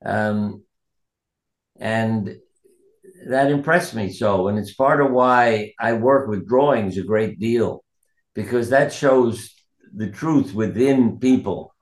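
A man's voice: fairly low pitch, takes it slowly, echoey room. A man, a doctor and author, telling earnest stories from his practice in an interview and quoting the people in them. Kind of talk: reflective interview storytelling.

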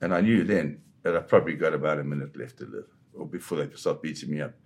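A man's voice: a bass voice, fast talker, vocal fry. A man, a photojournalist guest, telling a dramatic first-person story in a vivid way. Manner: vivid storyteller who slips into quoting voices.

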